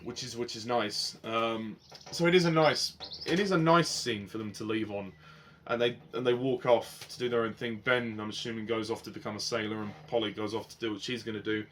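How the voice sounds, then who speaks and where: A man giving a casual spoken review of a TV series, passionate and rambling, swinging between heated outbursts and softer reflective stretches. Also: lowish voice, steady tone, fairly quick, a little hiss or hum.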